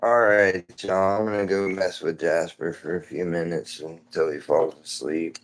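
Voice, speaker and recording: Laid-back swearing streamer dad. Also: male voice, low voice, little pitch movement, normal speed. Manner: loose, rambling, swears casually, says "dude" a lot. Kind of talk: casual live-stream chat. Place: at home.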